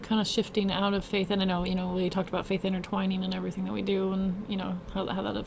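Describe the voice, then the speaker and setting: A woman's voice: mid-range voice, flat delivery, quick pace, vocal fry, noisy background. A woman hosting a casual chat, asking friendly questions. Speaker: host.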